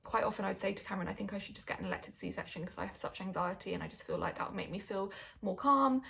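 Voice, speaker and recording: A woman's voice: medium pitch, expressive, fast, vocal fry, a bit bright. A young woman telling a personal story in a candid, chatty way. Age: young adult. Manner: candid, chatty, lots of likes and ums. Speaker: vlogger.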